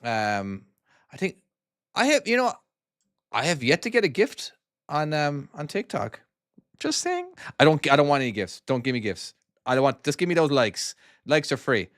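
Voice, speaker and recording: A man with a Cork Irish accent softened by years in America, chatting casually with viewers and thanking them while he plays a trucking game on a live stream. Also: on the high side, sing-song, normal speed, no room sound, clean studio sound. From Ireland.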